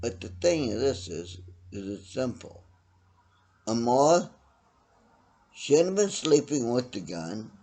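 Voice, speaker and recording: A middle-aged man delivers a profane opinion rant at a slow, deliberate pace, with a mid-pitched voice. He talks bluntly, rising to loud outbursts and then dropping to low mutters. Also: very animated. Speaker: vlogger ranting to camera.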